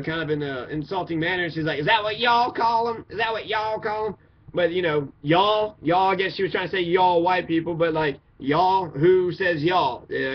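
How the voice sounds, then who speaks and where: A man's voice: fairly high pitch, slight background noise. A man from Kentucky giving a blunt, profane, opinionated monologue. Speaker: commentator. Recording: dull lo-fi recording.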